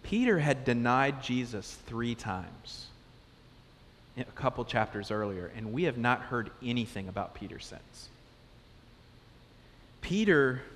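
A man preaching a sermon as pastor, conversational and animated, asking the congregation question after question. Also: mid-range voice, a little hiss or hum. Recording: long reverb of a large hall.

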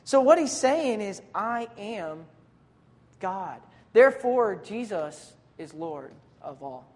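Preacher delivering a sermon. Relaxed, slangy, animated storytelling, mid-range pitch. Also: takes it slowly, in a large hall. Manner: casual, conversational preaching with modern slang; lively, dramatic retelling of scripture scenes.

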